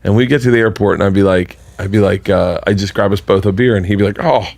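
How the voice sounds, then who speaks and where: A man's voice: quick pace, gravelly. A man in his forties, a podcast co-host, telling stories in casual chat and laughing often. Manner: animated storyteller, laughs a lot, pitch jumps high when excited.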